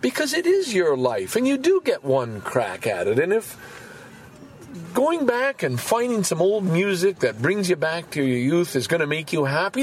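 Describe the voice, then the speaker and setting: A man of sixty-five hosting his podcast in a casual monologue, swinging from quiet musing to loud, cursing outbursts and repeating words to drive a point home. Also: high-pitched, big pitch swings, normal speed. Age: 60s. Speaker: podcast host.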